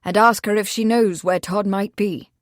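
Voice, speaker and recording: A woman's voice: mid-range voice, fairly even intonation, moderate pace, no echo, clean studio sound, close to an everyday voice. A woman voicing a grim, stern male village constable who speaks firmly and without pity. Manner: grim, firm, forceful.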